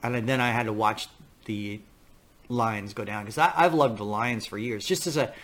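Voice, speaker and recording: A man's voice: lowish voice, moderate pace, a bit bright. A man hosting a talk podcast in a casual, rambling monologue, often restarting his sentences. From New York area. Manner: rambling, repeats himself, acts out quoted voices. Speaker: podcast host.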